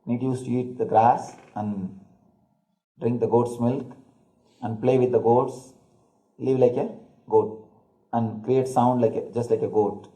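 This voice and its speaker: Guy giving a spiritual talk, tells a story real slow, mellow voice, roomy echo. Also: medium pitch, fairly even intonation. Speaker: spiritual teacher. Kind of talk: spiritual discourse with parable.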